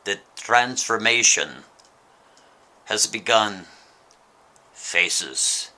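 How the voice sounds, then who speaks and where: A man voicing a confident, wealthy middle-aged man with a Russian accent, speaking slowly and in a low, self-assured way. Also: animated, sharp tone, heavily acted. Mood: smooth, ominous.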